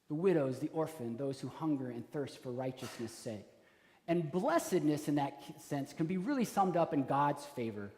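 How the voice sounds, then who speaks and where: A man delivers a sermon with an animated, chatty style, slipping into playful acted-out voices. His voice sits high and swings widely in pitch. The church around him adds a roomy, lingering echo. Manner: animated, conversational preaching with acted-out quotes. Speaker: pastor. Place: church sanctuary.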